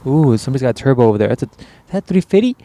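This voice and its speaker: A man's voice: medium pitch, very animated, very fast, mellow, no echo. A man co-hosting a casual podcast, ranting with lots of swearing and mocking people in put-on voices. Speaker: podcast co-host. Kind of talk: crude casual chat.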